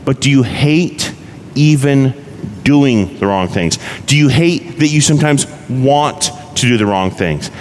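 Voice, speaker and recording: A man's voice: medium pitch, lively intonation, a little slow. A pastor preaching a conversational sermon, asking his listeners rhetorical questions. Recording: reverberant hall, faint background noise.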